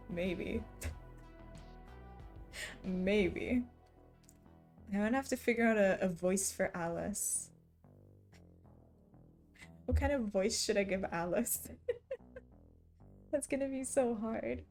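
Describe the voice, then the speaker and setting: This young woman's mid-range voice is a little mellow as she chats on a live stream. She keeps replying to her chat and laughing between remarks, with faint background music behind her.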